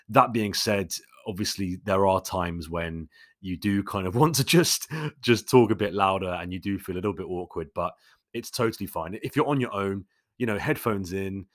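Guy, deep voice, dry close sound, rambling friendly Q&A host. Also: fairly bright tone, no echo. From London. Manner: conversational, many fillers and restarts. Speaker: YouTube host answering viewer questions. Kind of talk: casual Q&A monologue.

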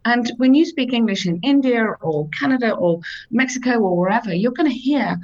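A woman's voice: fairly high pitch, animated, fairly quick, darkish tone, highs cut off. A woman from the UK, an IELTS teacher, giving encouraging, chatty advice in a casual discussion, with lots of "um" as she talks.

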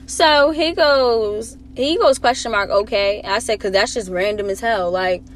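A young woman with an American accent, chatting casually and telling a story in a blunt, profane, animated way. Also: fairly high pitch, unhurried, slight background noise. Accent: American English, Delaware. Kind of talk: casual chat.

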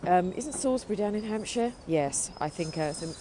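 An English woman hosting a chat show, her voice sitting low. She rambles casually, circling her points with plenty of "sort of" and "um." There's a faint hum of background noise. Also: animated, moderate pace, mellow. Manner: rambling, many fillers and hedges. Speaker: host.

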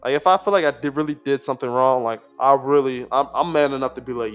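A man's voice: medium pitch, fast, few pauses, a bit bright, clean tone, soft background music. A man co-hosting a podcast in casual chat, rambling with lots of fillers, restarts and swearing. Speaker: podcast co-host.

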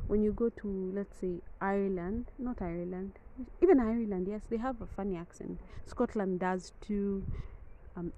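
Outdoors with the wind audible, a woman with a Kenyan accent and a mellow, medium-pitched voice talks through a casual podcast monologue. The recording is rough, and her chatty rambling keeps doubling back for corrections.

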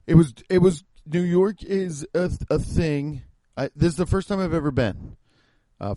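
A man's voice: fairly high pitch, mellow, no echo. A man from the Midwest, a podcast host and stand-up comedian, talking in a casual, rambling, sarcastic monologue full of swearing. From American Midwest.

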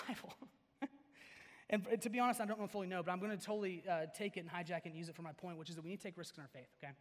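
A young man preaching to a youth audience, animated and joking, swinging between loud and hushed. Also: high-pitched. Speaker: youth pastor. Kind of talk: sermon. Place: large hall before an audience. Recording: long hall reverb.

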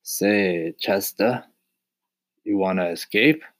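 A man's voice: low voice, slow. Tucker, a man doing a fussy self-pitying mouse. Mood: coaxing. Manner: theatrical, self-pitying, flowery. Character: fussy, dramatic, stingy male mouse. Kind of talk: audiobook character voice.

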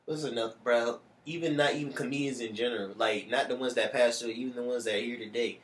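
A co-host in a relaxed, animated chat, telling stories and laughing often. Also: mid-range voice, quick pace. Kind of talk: casual chat. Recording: roomy echo.

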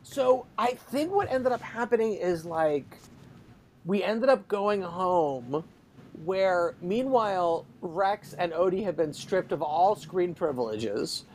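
A man in his forties, casually telling a story about his kids and acting out their shouting. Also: high-pitched, slow, slight background noise. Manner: animated, acts out shouting kids. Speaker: parent telling a family story.

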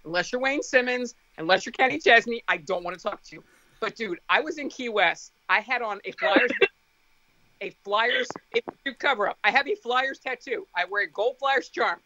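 A woman's voice: a little high, lively intonation, moderate pace, sharp tone, dull audio. A young woman co-hosting a casual podcast, blunt and sweary, laughing often. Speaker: podcast co-host.

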